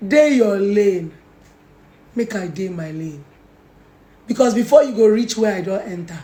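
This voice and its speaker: A woman's voice: mid-range voice, mellow, echoey room, a little hiss or hum. A young woman with a Nigerian accent, mocking and scolding someone in a confrontational call-out video. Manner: mocking, scolding, Pidgin-heavy. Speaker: social media personality.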